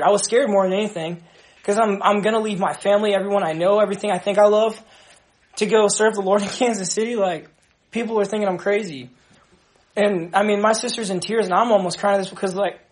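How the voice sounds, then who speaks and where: High-voiced young man, earnest testimony. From Dallas, Texas. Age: young adult. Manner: earnest, halting, many restarts. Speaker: ministry member giving testimony. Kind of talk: personal testimony to a group.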